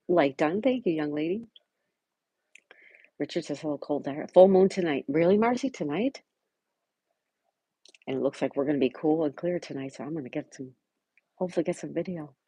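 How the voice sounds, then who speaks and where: This Buffalo, New York woman runs a casual livestream, reading out comments and warmly answering each viewer by name. She speaks in a low voice with a breathy edge, and there's no echo.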